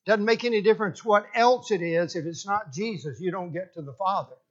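A man preaching a sermon, slow and deliberate, often restarting his phrases for emphasis. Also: high voice, a bit bright, highs cut off.

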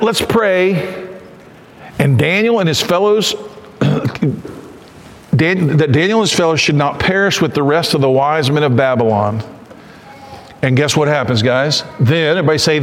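A man's voice: sits high, a bit bright, long reverb tail. A man preaching a conversational sermon who acts out quotes and asks the congregation questions. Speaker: pastor.

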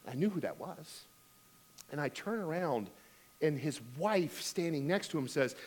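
A man's voice: fairly high pitch, animated, unhurried. Preaching man, storytelling pastor. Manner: storytelling with humor, rising to emphatic exhortation. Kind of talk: sermon.

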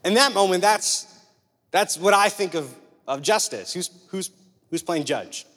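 Higher-voiced male preacher in an echoey hall. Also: animated, a little slow, a bit bright. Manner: conversational, rhetorical questions, humorous storytelling. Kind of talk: sermon. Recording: long hall reverb.

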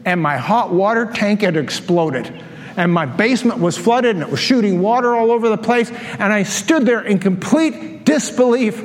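A middle-aged male pastor delivers a sermon full of anecdotes, acting out quotes as he goes. His voice sits high for a man. The sound carries a long reverb from the church hall. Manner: animated storytelling with acted-out quotes.

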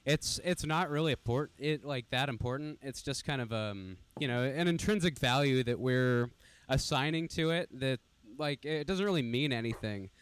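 Young guy, smooth clear voice, dry close sound, chill and kinda hedgy. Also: medium pitch, moderate pace, no room sound. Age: young adult. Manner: relaxed, hedging with fillers. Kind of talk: casual chat.

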